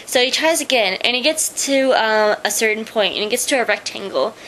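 A woman's voice: fairly high pitch, a little fast, a bit bright, a little hiss or hum, low-quality recording. A young woman chatting casually to her webcam, rambling through stories and gushing sign-offs. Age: young adult. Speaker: vlogger. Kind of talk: casual vlog chat.

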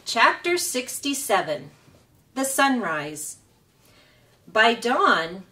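Hosting storytime, a woman reads a children's book aloud slowly and expressively. Her voice is medium in pitch and picked up by a distant mic.

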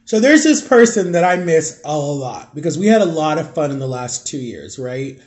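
A man with a stuffed-up nose, talking in a halting, rambling way while eating on camera at home for his vlog. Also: on the high side, big pitch swings. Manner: rambling, halting, searching for words. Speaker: vlogger. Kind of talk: casual confessional vlog.

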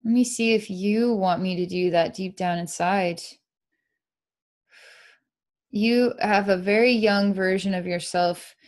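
Soft-spoken woman psychic, sighing often. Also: mid-range voice. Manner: soft, sighing, repetitive, dreamy narration of visions. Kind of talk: live energy-healing session with a client.

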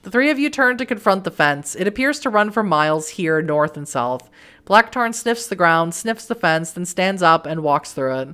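A woman's voice: lowish voice, animated, normal speed, fairly bright tone, smooth. Woman reading a game aloud. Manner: wry, joking asides. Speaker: let's play host.

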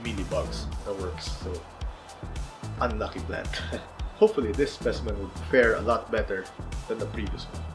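A man in his thirties talking casually in a gardening vlog, relaxed and easygoing with soft chuckles. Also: fairly low pitch, moderate pace, creaky, long pauses. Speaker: gardening vlogger. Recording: roomy echo with faint music.

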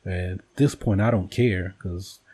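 A man's voice: sits low, unhurried, breathy edge. A man with a casual rambling delivery, profane and joking as he tells stories to his viewers. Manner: profane, joking, animated storytelling. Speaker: vlogger host.

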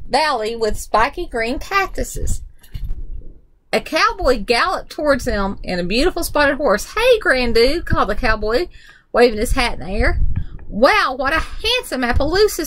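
A woman reading a children's picture book aloud with animated storytelling. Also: on the high side, slight background noise, low-quality recording.

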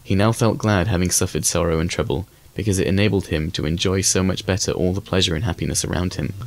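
A man with a very deep voice narrates a classic fairy tale for an audiobook. His reading is measured and even, and the recording is close and dry with no room sound. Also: dry recording. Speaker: audiobook reader. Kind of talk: scripted storybook narration.

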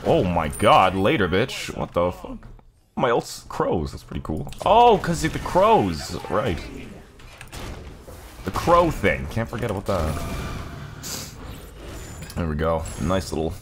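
A man casually commentating his own gameplay, cursing and joking, often breaking into high-pitched yelling. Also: wildly swooping pitch, slow pace, pauses often. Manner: profane, jokey, bursts into high-pitched yelling. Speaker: gaming YouTuber.

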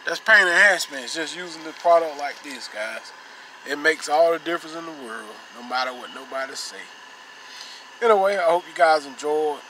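A man's voice: on the high side, expressive, moderate pace, a bit bright. A man hosting a car detailing channel, casually showing off the results and pointing them out over and over. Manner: repetitive, pointing things out. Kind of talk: casual how-to demonstration. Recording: noisy ambience, vehicle sounds.

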